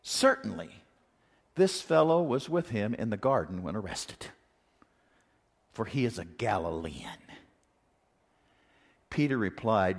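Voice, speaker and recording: A man's voice: on the low side, slow, pauses often, breathy edge. Guy preaching, voice swings way up and down, big hall echo. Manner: animated, acts out quotes, rhetorical questions. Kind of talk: sermon. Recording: long reverb of a large hall.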